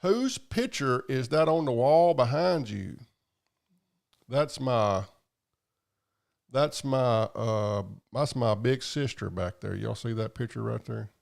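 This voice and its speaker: A gravelly, darkish voice of medium pitch belongs to this livestream host, who takes it slowly. He chats casually and profanely in a rambling drawl while reading comments from viewers.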